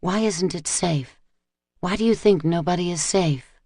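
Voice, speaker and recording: A man voicing an earnest young woman who gently questions and pleads with a prisoner. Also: sits high, measured pace, no echo, studio quality. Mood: pleading.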